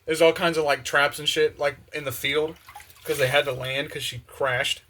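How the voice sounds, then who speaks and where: A young man rambles casually about a favorite game while washing dishes, his voice bright and a little high. He talks in loose slang with lots of fillers and acts out bits of dialogue as he goes. A faint noise sits behind him in the kitchen. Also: moderate pace. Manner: excited, slangy, many fillers, acts out quotes. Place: home kitchen with open windows.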